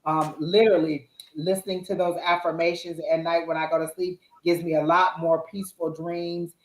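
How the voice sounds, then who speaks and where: A woman's voice: on the low side, level tone, normal speed, echoey room, low-quality recording. A woman co-hosting a live tarot reading stream from home, talking in a chatty, reassuring, loosely rambling way. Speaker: tarot reader co-host.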